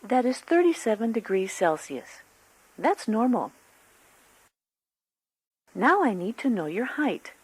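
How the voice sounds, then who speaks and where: A woman playing a calm, polite school nurse in a textbook listening dialogue, giving instructions. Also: fairly high pitch, slow pace, long pauses, breathy edge, dry recording, full character voice, low-quality recording.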